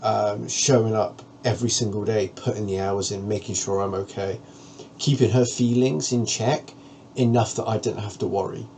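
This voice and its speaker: A man's voice: on the low side, steady tone, moderate pace, darkish tone, a little hiss or hum. A man vlogging, talking frankly and earnestly to the camera about a personal ordeal in a plain-spoken way. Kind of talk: candid personal monologue to camera.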